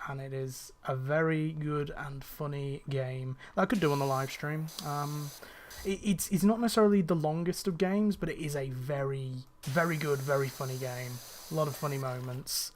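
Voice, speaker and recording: A man's voice: fairly high pitch, normal speed, slight background noise. A young man from northwest England with a faint, fairly neutral northern English accent, rambling in casual chat while gaming. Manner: chatty, rambling, many fillers and restarts. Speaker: gaming channel host.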